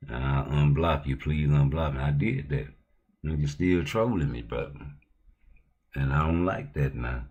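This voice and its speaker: A man hosting a livestream, talking in loose, profane, slang-heavy banter that heats up into loud outbursts. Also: extremely low pitch, moderate pace, highs cut off. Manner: heated, rising to loud outbursts. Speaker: livestream host. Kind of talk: casual livestream talk.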